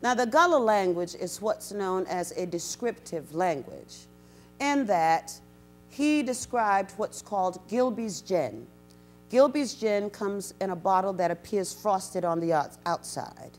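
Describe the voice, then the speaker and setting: A woman storyteller giving an animated talk to a university audience, acting out the people she quotes. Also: unhurried, soft background music. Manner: animated, acts out quotes with big pitch jumps. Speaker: storyteller and guest speaker. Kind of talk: storytelling lecture. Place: university event, in front of an audience.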